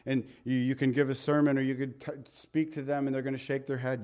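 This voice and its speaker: A man's voice: mid-range voice, a little fast, few pauses. Man preaching a conversational sermon. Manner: conversational, rhetorical questions, swings from emphatic to quiet. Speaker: pastor.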